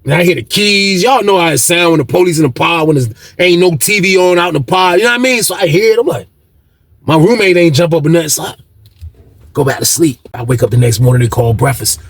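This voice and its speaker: A man vlogger telling a story in casual talk, animated, swinging between loud and hushed. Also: a little high, fast, gravelly, breathy edge, no echo.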